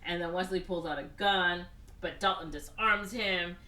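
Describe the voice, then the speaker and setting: Animated woman retelling a movie plot, echoey. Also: lowish voice. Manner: animated, swearing, acts out characters' lines in quick put-on voices. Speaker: podcast co-host. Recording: echoey room, voice a bit far from the mic, faint background noise.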